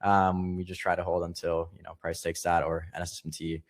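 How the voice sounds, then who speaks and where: A man teaching a live online trading lesson, explaining quickly and casually with fillers. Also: sits low, completely flat delivery. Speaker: trading instructor.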